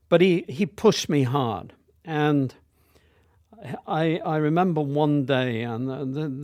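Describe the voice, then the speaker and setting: A man's voice: medium pitch, darkish tone, no echo, studio quality. A man of about 60 from near Manchester, telling stories from his career as a guest, with hesitant fillers and restarts. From near Manchester, England. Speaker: hotel group chief executive, guest. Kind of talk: reminiscing storytelling.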